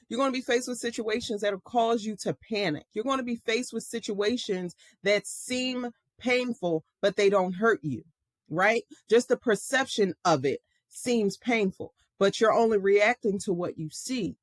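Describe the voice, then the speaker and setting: A woman's voice: mid-range voice, animated, moderate pace, no room sound, studio quality. Chatty mother telling a story. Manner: chatty, emphatic, repeats phrases for effect. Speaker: host. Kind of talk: casual storytelling monologue.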